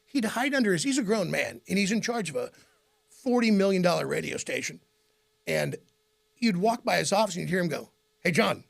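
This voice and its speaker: A middle-aged man with a Midwestern American accent tells stories in a casual radio interview as host and guest. He acts out the voices of the people he quotes and laughs often. His voice sits high, fairly quick, with vocal fry.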